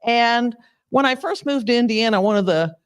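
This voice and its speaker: Halting older woman presenting an award. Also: on the high side, lively intonation, smooth, rough recording. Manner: halting, self-deprecating, laughs between phrases. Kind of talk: informal speech at an awards ceremony. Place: live awards event.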